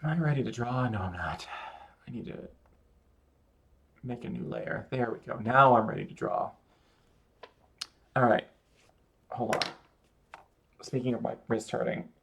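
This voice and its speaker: A man's voice: medium pitch, a little slow, vocal fry, pauses often, a bit bright, slightly rough. A male streamer talks loosely as he draws, narrating every step. He rambles and pokes fun at his own mistakes in an easy, conversational way. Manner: rambling, self-mocking running commentary. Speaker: streamer drawing live. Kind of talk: casual chat while drawing.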